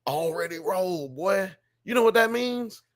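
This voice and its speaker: A man from Alabama, co-hosting a casual TV review chat in an animated, profane way. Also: high voice, moderate pace. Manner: animated, profane, acts out characters. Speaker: podcast co-host.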